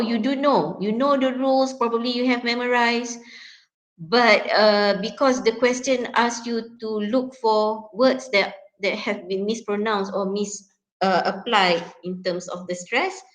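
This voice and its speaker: A woman's voice: a little high, poor audio. Casting: woman lecturer, Malaysian accent, chatty tutorial tone, mixes in Malay, lots of fillers.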